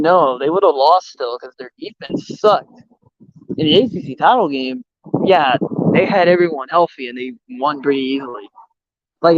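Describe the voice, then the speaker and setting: A young man with a slightly high voice rants on a stream, blunt and full of swearing. His sound is dull and a bit lo-fi, with a dry close mic. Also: dry recording. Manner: blunt, profane, opinionated sports talk. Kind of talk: casual chat. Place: outdoors. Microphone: voice call or stream mic.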